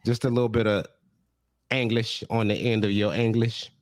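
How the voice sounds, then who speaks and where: A man's voice: fairly low pitch, level tone, moderate pace, no echo, clean studio sound. A man co-hosting a podcast in casual chat, making blunt, short quips and teasing his co-host.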